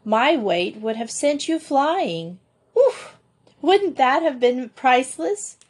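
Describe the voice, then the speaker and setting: A woman reading aloud, voicing a lively, boisterous schoolgirl in an eager, excitable way. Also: high-pitched, slow pace, slightly rough, voice pushed up, full character voice.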